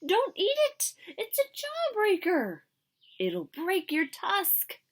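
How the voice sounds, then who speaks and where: A woman voicing a small male mouse, a worried best friend, with a high squeaky voice. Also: huge pitch swings, takes it slowly, full character voice. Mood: alarmed.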